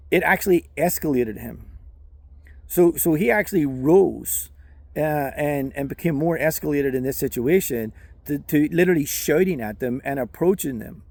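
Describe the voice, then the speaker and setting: A middle-aged man hosting a channel, telling a personal story in a casual monologue, halting with frequent restarts and fillers. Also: on the high side, creaky, darkish tone, no echo. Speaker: channel host.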